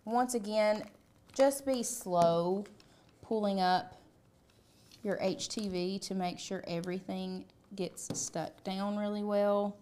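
A young adult woman leading a live craft demonstration, talking in a loose, chatty way while she lays out and presses pieces. Her voice sits at a middle pitch for a woman, and her words drift and restart as she focuses on the work in front of her. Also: fairly even intonation, slow, mellow. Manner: chatty, talks while working with hands. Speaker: craft tutorial host.

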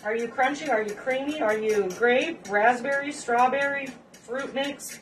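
A cooking show host speaks at a measured pace in a high-pitched voice, giving a casual demonstration in her home kitchen. She's chatty and rambling, joking with viewers, and the recording is from a distant mic with faint background noise.

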